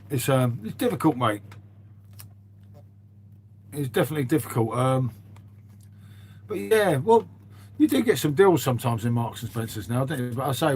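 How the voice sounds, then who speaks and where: A man's voice: medium pitch, darkish tone, a little hiss or hum. A man hosting a live stream, chatting casually to viewers and rambling from one thing to the next. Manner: rambling, calls everyone "mate". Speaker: livestream host.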